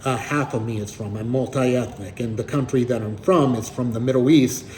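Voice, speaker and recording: A man recounts a story in a relaxed, conversational way, with a dry, slightly wry edge. His voice sits at a middle pitch with a warm, mellow tone. A faint hum of noise runs behind him. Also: normal speed, rough recording. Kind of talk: casual spoken storytelling.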